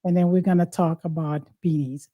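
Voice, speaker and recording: A woman's voice: fairly low pitch, fairly even intonation, fairly quick, phone-quality sound. A woman host, chatting in an exuberant, teasing, exclamatory way. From Haiti. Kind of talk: casual talk-show chat.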